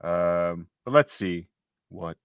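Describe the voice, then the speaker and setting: A man's voice: low voice, takes it slowly, slight background noise. A man co-hosting a casual livestream chat, rambling and joking with mock-indignant asides. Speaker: co-host.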